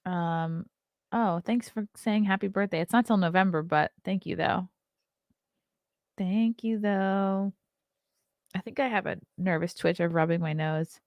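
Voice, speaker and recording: A woman's voice: on the low side, fairly even intonation, normal speed, no echo. A woman in her thirties, a comedian hosting a casual livestream show, who reads viewer comments aloud and chats back. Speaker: podcast host and comedian.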